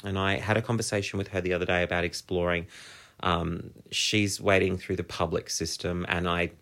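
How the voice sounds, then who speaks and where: A man's voice: sits low, level tone, moderate pace, a bit bright. A man, hosting a solo podcast and talking in an open, heartfelt, reflective way. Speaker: podcast host. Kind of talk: candid solo podcast monologue.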